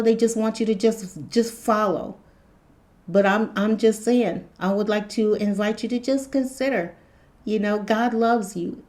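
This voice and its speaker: A woman's voice: medium pitch, darkish tone. Earnest rambling woman on spirituality. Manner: rambling, repetitive, earnest, laughs often. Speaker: spiritual tarot channel host. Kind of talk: casual spiritual monologue. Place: hot room indoors.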